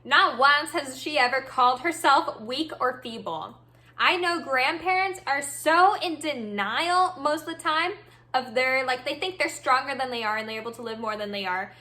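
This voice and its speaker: A woman hosting a storytime podcast, telling her tale in an animated, exasperated way. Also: high-pitched, normal speed. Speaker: podcast host.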